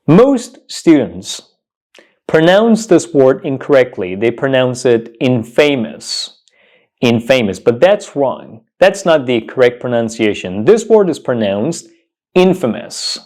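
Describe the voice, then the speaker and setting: A man teaching English pronunciation in an online lesson, slow and emphatic, repeating each word several times. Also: mid-range voice, mellow.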